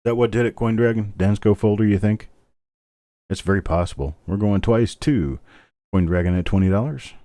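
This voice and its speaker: Low-voiced man calling a coin auction. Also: brisk, no room sound, studio quality. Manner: steady bid-calling with chatty asides. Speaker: auctioneer host. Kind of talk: live online coin auction.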